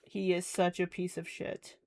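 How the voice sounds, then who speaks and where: Slow, low-voiced woman commentating. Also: monotone, creaky. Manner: slow, gentle and reassuring when speaking to a viewer. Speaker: commentary channel host. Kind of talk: reaction commentary.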